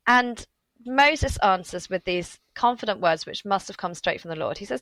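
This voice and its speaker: A woman author, a podcast guest, telling a story in a lively way with asides and little laughs. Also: medium pitch, normal speed, no room sound, low-quality recording. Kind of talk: podcast interview.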